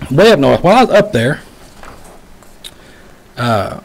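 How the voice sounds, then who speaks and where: A man's voice: medium pitch, sing-song, unhurried, creaky, a little hiss or hum, poor audio. A man from Texas hosting a talk show, telling a chatty story and laughing easily.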